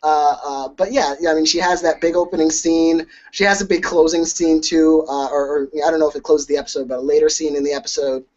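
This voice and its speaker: A man's voice: a little high, steady tone, fairly quick, few pauses, a little mellow. Analytical man with lo-fi sound. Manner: analytical, many small restarts. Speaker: awards editor and co-host. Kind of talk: casual conversational discussion. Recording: dull lo-fi sound.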